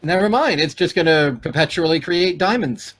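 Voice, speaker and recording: A man co-hosting a casual gameplay chat, animated and quick to swear, with sudden jumps in pitch when excited. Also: breathy edge. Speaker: gaming co-host.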